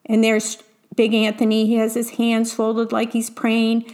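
A woman reads a children's picture book aloud, clear and expressive. Her voice sits somewhat high for a woman. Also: unhurried. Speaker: storyteller.

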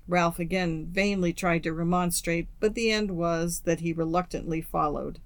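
An audiobook narrator reading a classic story in a steady, measured way. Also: mid-range voice, no room sound.

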